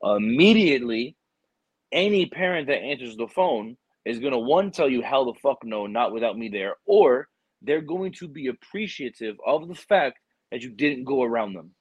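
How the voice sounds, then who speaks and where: Husky-voiced man telling rambling stories. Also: medium pitch, normal speed, no echo. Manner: rambling, animated storytelling with quoted dialogue and swearing. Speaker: military recruiter. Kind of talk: casual chat.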